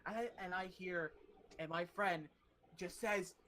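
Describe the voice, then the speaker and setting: A young adult podcast host casually telling a long personal story, animated and swearing freely. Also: mid-range voice, a little slow, slight background noise.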